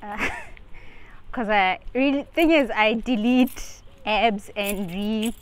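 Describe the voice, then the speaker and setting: A woman's voice: mid-range voice, slow, smooth, poor audio. A woman talking casually in a rambling way while out of breath from walking outdoors, filming on her phone. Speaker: vlogger. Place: outdoors on a street. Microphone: phone held while walking.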